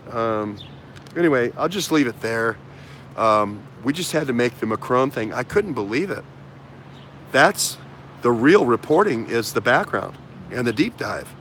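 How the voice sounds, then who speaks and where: A man's voice: medium pitch, a bit bright, a little hiss or hum. A man hosting a casual political talk show, rambling with many fillers, restarts and repetitions. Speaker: host.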